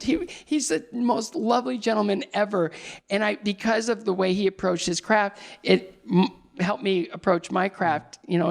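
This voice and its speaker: A man in his sixties with a gravelly edge to his voice talks as a guest in a relaxed conversation. He tells stories with lots of energy, stops and starts over mid-sentence, and lets his voice climb when he gets excited. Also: high-pitched. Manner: animated storyteller, rambling restarts. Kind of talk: casual chat.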